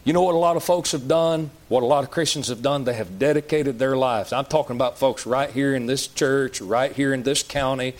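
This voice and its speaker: A man's voice: medium pitch, a little fast, few pauses. A man preaching a sermon in a church, folksy and plain-spoken, asking the congregation question after question. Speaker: pastor.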